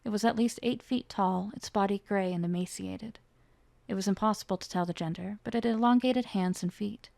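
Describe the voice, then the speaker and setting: Woman with a gravelly voice reading fiction. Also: mid-range voice, a little fast, a little mellow, dry recording. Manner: reads the characters' lines with rising emotion. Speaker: author reading her own book.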